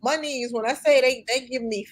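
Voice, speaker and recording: A woman's voice: high voice, moderate pace. A middle-aged woman, a singer, talking as a guest in a casual chat, joking about herself in slangy everyday speech and laughing often.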